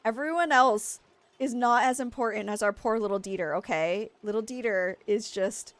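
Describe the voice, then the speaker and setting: A young woman streaming a game, frantic and excitable, laughing at her own stress. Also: a little high, moderate pace. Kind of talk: gameplay commentary.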